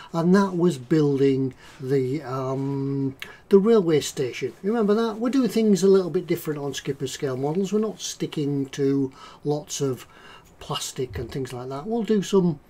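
Man, livestream host, rambling and jokey, warm dark voice. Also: a little high. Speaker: livestream host, model maker. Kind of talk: casual livestream chat.

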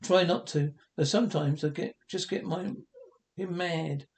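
A man's voice: a little high, a little slow, vocal fry. A man reading the part of a timid, downtrodden housewife in an amateur script reading, hesitant and apologetic. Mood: ashamed.

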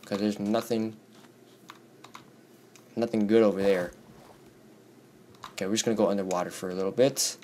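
Hoarse teen boy rambling over gameplay. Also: on the low side, steady tone, normal speed, pauses often, a little mellow, a little hiss or hum. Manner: rambling, jumpy, yelps when scared. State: hoarse from screaming. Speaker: gaming YouTuber. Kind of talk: Minecraft let's play commentary.

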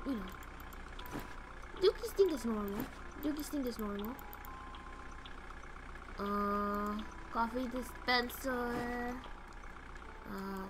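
A woman streamer chatting casually to her viewers while playing a game, playful and teasing, swinging between loud outbursts and low muttering. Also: animated, measured pace, long pauses, a little hiss or hum. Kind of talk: casual gameplay commentary to chat.

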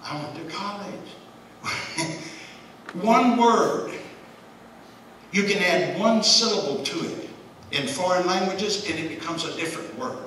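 A man's voice: high voice, slow pace, pauses often, a bit bright. A man teaching an informal church Bible study in a folksy, conversational way, chuckling often. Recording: echoey room, distant mic, faint hiss.

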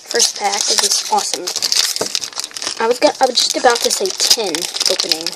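A woman casually opening trading card packs, listing the cards and getting excited over good pulls. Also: medium pitch, moderate pace. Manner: excitable, lists card names. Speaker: card pack opener. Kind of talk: casual unboxing chat. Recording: crinkling wrappers and noise behind.

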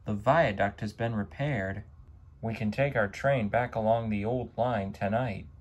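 A man voicing a cautious male train driver who speaks in a measured, sensible way. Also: lowish voice, breathy edge.

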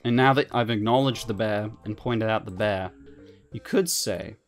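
A man giving casual let's-play commentary, excitable, swearing casually and laughing often. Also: on the low side, normal speed, faint music behind. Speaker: gaming commentator.

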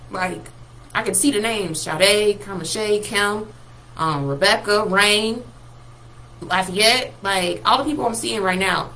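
A woman preaching a prophetic word on a livestream, talking straight to viewers in a lively, animated way and laughing now and then. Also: medium pitch, slight background noise, low-quality recording. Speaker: prophetic minister.

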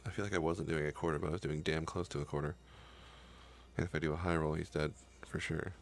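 A young gaming YouTuber narrates his own video game run in a frustrated, profane Let's Play, cursing at the game. His voice rumbles low, holds a steady tone, and moves fast.

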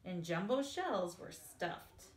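Woman reading a storybook aloud, lively. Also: fairly low pitch, slow pace. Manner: expressive storytelling. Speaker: elementary school teacher. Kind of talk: reading a picture book aloud. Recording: echoey room, faint hiss.

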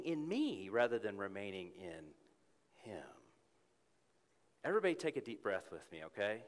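Animated man preaching in a reverberant church. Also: fairly low pitch. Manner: animated, playful storytelling with quick shifts to a quiet, earnest tone. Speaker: pastor. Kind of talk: sermon. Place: church sanctuary. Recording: long hall reverb in a church.

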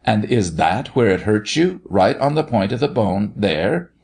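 A man voicing a gruff, jovial doctor who roars and laughs in a storybook reading. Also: on the low side, big pitch swings, a little mellow, full character voice. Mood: gentle. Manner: roaring, laughing, hurried.

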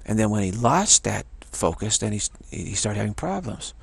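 A man's voice: fairly low pitch, sing-song, normal speed, creaky, husky. A middle-aged man teaching a self-development practice in a motivational talk, emphatic and repeating phrases for stress.

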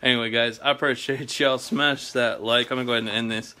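A laid-back vlogger with a US Pacific Northwest accent rambles and swears his way through a casual monologue, starting outside in a snowstorm and finishing at home. His mid-range voice is pushed and bright, fairly even in intonation, at a quick pace, with slight background noise.

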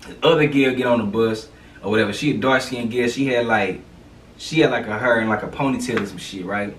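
A man telling a story from his school days in casual slang, animated and acting out the sounds. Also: mid-range voice, distant mic, a little hiss or hum. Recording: roomy, away from the mic.

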